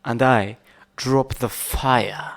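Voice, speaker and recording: A man's voice: medium pitch, steady tone, very slow. A man hosting a podcast in casual chat, teasing his guest and laughing a lot. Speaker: podcast host.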